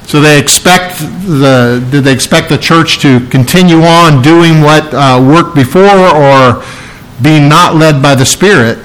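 Emphatic male preacher, slightly high voice. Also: unhurried, fairly bright tone, poor audio. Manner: emphatic, explains scripture verse by verse. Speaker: pastor. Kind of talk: expository sermon.

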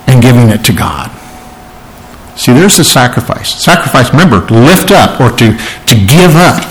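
A man's voice: mid-range voice, a bit bright, low-quality recording. A male pastor preaching a sermon, explaining scripture verse by verse with emphatic points and questions to the congregation.

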